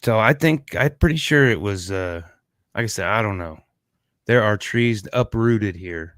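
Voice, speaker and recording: A man's voice: on the low side, expressive, measured pace, fairly bright tone, dry recording, studio quality. A man co-hosting a podcast, chatting casually in a laid-back, rambling way that trails off and restarts. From Kansas, USA. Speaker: podcast co-host. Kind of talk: casual chat.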